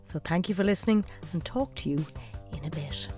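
Wry woman presenter, low voice. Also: expressive, a little fast, warm tone, soft background music. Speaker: radio show presenter. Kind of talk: scripted presenter narration.

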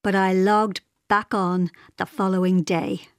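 Woman reading her own essay, wry and reflective, slow, dry close sound. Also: medium pitch, level tone, no echo. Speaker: narrator. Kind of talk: personal essay narration.

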